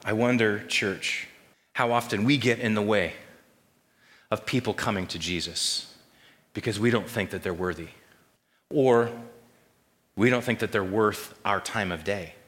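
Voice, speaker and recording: A male pastor preaching a sermon in a church and pausing to ask the congregation questions. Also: on the low side, fairly bright tone, long reverb tail. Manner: call-and-response questions to the congregation. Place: church sanctuary.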